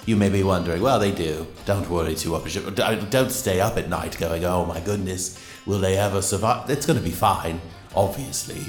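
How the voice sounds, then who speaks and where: Man, very low voice, wry teasing narration, roomy sound, soft music behind. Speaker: show narrator. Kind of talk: scripted narration. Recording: echoey with background music.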